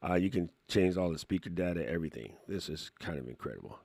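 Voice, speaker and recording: A man streaming a casual software tutorial, excitable and laughing often, with casual slang. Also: sits low, fast talker, gravelly, husky, no room sound. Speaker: tech streamer.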